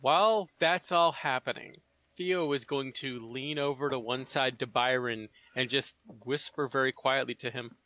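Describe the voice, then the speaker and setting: A man's voice: mid-range voice, steady tone, normal speed, bright, forceful tone, lo-fi sound. A man playing a tabletop game, given to wordy, formal phrasing. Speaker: player.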